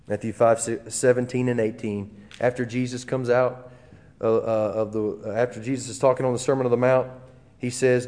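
A man preaching a sermon in a relaxed, conversational way, with fillers and restarts. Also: mid-range voice. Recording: long hall reverb.

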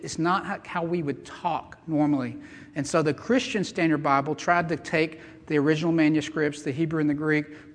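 A man's voice: a little high, in a large hall. A man preaching a sermon as pastor, earnest and emphatic, mixing scripture reading with chatty asides. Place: church sanctuary.

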